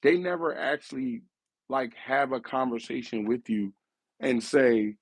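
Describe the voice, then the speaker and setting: A man's voice: mid-range voice, unhurried, no room sound. A man hosting a casual gaming talk show, rambling and correcting himself as he thinks aloud, his voice worn from a recent cough. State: getting over a cough, losing his voice. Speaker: show host.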